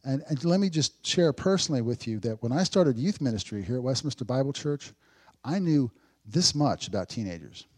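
Man preaching with wide loud-soft swings. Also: medium pitch, animated, brisk. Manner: conversational preaching with dry sarcasm, swings from loud to hushed. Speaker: pastor. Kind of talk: sermon.

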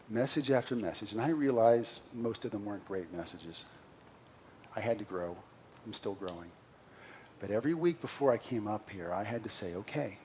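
A middle-aged man preaching a sermon as senior pastor, earnest and confessional, moving between loud emphasis and quiet asides. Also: fairly low pitch, slight background noise. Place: church sanctuary.

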